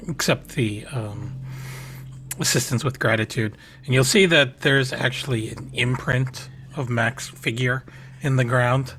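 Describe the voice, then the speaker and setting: Halting male tabletop player. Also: medium pitch, fairly bright tone, slight background noise. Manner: halting, many fillers. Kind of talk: tabletop role-play, in and out of character. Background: faint background music.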